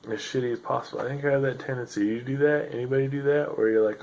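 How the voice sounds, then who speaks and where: A man's voice: medium pitch, quick pace, hardly any pauses, darkish tone, low-quality recording. A man hosting a solo podcast, rambling in a sardonic, self-deprecating way with lots of fillers, sounding tired. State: tired, yawning. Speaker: podcast host.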